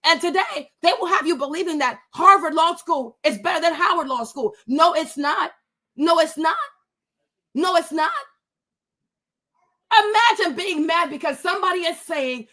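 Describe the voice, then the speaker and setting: A woman's voice: extremely high pitch, normal speed, sharp tone. A woman hosting a livestream, ranting indignantly, swearing and repeating rhetorical questions, speaking to her webcam. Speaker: livestream host. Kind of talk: heated livestream rant.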